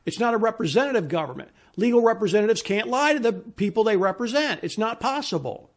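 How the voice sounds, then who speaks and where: A man's voice: high-pitched, lively intonation, fast talker. A man giving an indignant, insistent solo opinion monologue as a commentator. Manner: indignant, ranting; emphatic, insistent.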